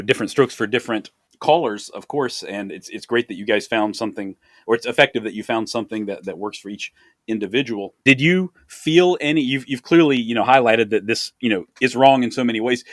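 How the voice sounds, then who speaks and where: A male podcast host asks careful, considered follow-up questions. His medium-pitched voice sits dry and close, with no room sound around it. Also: no echo. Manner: thoughtful, measured questioner. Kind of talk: interview questions.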